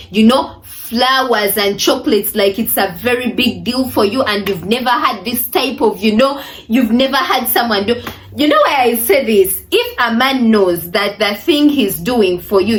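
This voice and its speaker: A young woman vlogger giving casual, emphatic dating advice straight to her viewers, often saying "you know" and "ladies". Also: a little high.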